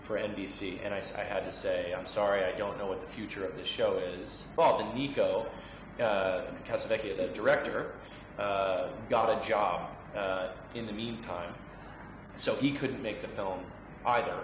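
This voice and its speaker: Easygoing actor, low voice, echoey room. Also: male voice, steady tone, background noise. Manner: friendly, halting, many fillers and restarts. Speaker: actor being interviewed. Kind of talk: casual interview answers. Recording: echoey room with background music.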